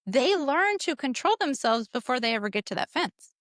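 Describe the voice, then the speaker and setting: A woman co-hosting a parenting podcast, explaining in a measured way and filling in her partner's points. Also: high-pitched, animated, a bit bright, dry recording, clean studio sound. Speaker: podcast co-host. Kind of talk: casual conversational podcast.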